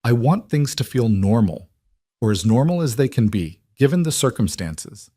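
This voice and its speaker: A man voicing a young frontier bride who speaks softly and earnestly, in a western storybook reading. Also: medium pitch, animated, moderate pace, breathy edge, no room sound.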